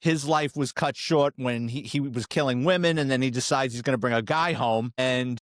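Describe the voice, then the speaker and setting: A man's voice: mid-range voice, moderate pace, no echo, clean studio sound. A man from law enforcement in a casual podcast conversation, talking plainly and leading into a question.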